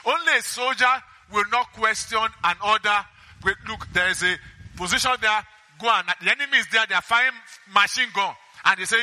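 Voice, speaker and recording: A man preaching in a high, piercingly bright voice that carries through a hall with a long echo. He reads scripture aloud between remarks and keeps asking his congregation questions for them to answer. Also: lively intonation, fairly quick. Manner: call-and-response questions to the congregation. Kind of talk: sermon. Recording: echoey hall.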